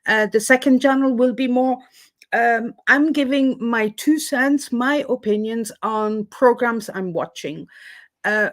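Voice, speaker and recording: A woman hosts a relaxed live chat from home, talking unhurriedly and greeting her viewers one by one. Her voice sits a little high, and she fills her pauses with plenty of ums and uhs. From Switzerland. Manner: chatty, greets viewers by name, many fillers. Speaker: livestream host. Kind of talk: casual live-stream chat.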